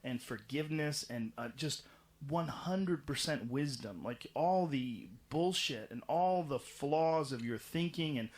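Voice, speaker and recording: Man telling stories, animated and profane. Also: on the high side, measured pace. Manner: animated, profane, rambling storytelling. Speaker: podcast guest recounting experiences. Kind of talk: casual podcast conversation.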